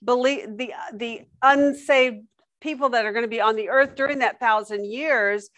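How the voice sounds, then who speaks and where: Bright, dry-sounding woman teaching a Bible class. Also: a little high, moderate pace, dry recording. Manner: warm, effusive and emotional when thanked.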